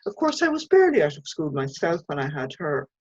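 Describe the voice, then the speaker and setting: Lady reading, doing a showy mum going high and posh, dull dry audio. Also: sing-song, a little fast, dry recording. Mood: airy, showy. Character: posh, flirty Irish mother, high put-on voice.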